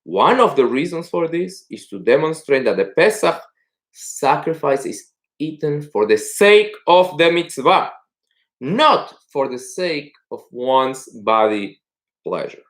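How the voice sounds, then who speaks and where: A male rabbi teaching a text-study class, explaining passages and telling stories in an animated way. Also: on the high side, takes it slowly. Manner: animated storytelling, acts out characters.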